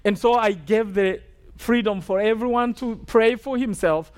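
Male preacher from Rwanda, very high voice, emphatic testimony delivery with call-and-response asides. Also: normal speed. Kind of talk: sermon testimony.

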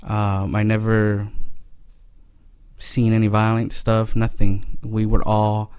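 A man with a fairly low voice shares a personal testimony, earnest and unhurried. He talks haltingly, leaning on pauses and fillers as he gathers his thoughts. The recording is dry and close, with no room sound. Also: monotone, darkish tone, smooth, no echo. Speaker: storyteller sharing his life story.

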